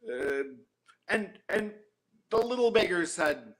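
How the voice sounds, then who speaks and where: A man telling a folktale to an audience, animated and with frequent restarts. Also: on the high side, measured pace. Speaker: storyteller.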